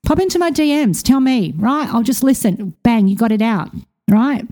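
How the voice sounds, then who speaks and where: A woman hosts a spiritual podcast in a loose, candid way, swearing freely and dropping quick asides. Her voice is mellow and warm. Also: on the high side, animated. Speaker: podcast host; spiritual reader and coach. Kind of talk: casual spiritual talk.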